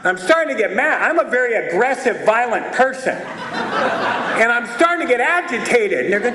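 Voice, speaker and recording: An older man giving a comedic talk at a recovery meeting, animated and storytelling, breaking into shouts when acting out scenes. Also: extremely high pitch, moderate pace, a crowd in the background. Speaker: AA meeting speaker. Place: meeting room with audience. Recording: roomy echoing meeting hall.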